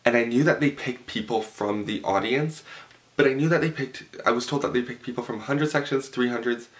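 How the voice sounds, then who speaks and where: A young man telling an animated, profane story at home, full of "like" fillers. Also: medium pitch, a little fast. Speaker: vlogger. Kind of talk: storytime vlog. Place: home room with a cloth backdrop.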